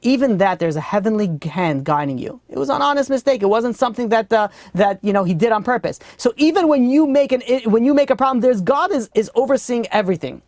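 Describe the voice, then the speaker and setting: A man's voice: very high voice, animated, quick pace, few pauses, a little mellow, no room sound, studio quality. A man, a rabbi teaching a weekly class, telling a story conversationally with many fillers and acting out the dialogue. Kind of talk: storytelling lesson.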